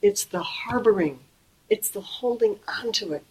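A middle-aged woman giving a Buddhist dharma talk in a gentle, conversational way, slowing and softening on key phrases. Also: mid-range voice, animated, poor audio. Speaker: Buddhist teacher.

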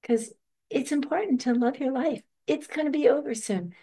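Older woman, gentle reflective teacher. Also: high voice, normal speed. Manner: reflective, gentle, laughs often. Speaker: meditation teacher. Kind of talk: dharma talk answering questions.

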